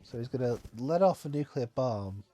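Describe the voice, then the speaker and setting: A man's voice: medium pitch, lively intonation, normal speed, warm tone, no echo, lo-fi sound. A man co-hosting a comedy film commentary, bantering and cracking jokes. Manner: bantering, wisecracking.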